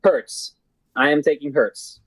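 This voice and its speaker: A man as a guest on a casual sports podcast, speaking haltingly with frequent pauses and fillers. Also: fairly high pitch, no echo, poor audio. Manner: hesitant, halting, with many fillers and restarts. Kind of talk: casual fantasy football chat.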